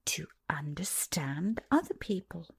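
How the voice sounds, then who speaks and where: A woman voicing a wise, gentle old grandmother who speaks softly and calmly, close to a whisper. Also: fairly low pitch, measured pace, gravelly, slightly rough, exaggerated voice. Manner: soft and hushed, close to a whisper.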